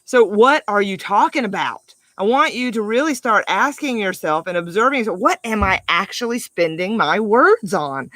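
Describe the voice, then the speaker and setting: A middle-aged woman life coach giving an upbeat, animated motivational talk to the camera, with emphatic delivery and frequent laughs. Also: medium pitch, normal speed, few pauses, no room sound.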